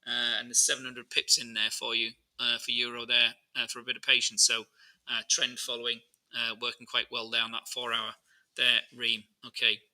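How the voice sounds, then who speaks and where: A man's voice: medium pitch, moderate pace, poor audio. Chatty man talking through charts. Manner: chatty, answers viewer questions while talking through charts; many fillers and restarts, relaxed and informal. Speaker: market analyst host. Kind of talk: live market analysis stream.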